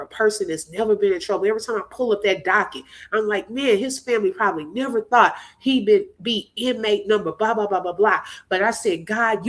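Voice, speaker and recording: A woman hosting a livestream, speaking with a preaching cadence, laughing through tears. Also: medium pitch. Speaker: livestream host. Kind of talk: emotional faith-filled livestream talk.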